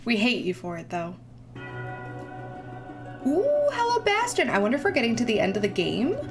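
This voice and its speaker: A woman's voice: on the high side, moderate pace. Bubbly woman reacting to a video game. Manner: animated, giggly, talks back to the screen. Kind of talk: reaction commentary. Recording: game music under the voice. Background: video game music and dialogue.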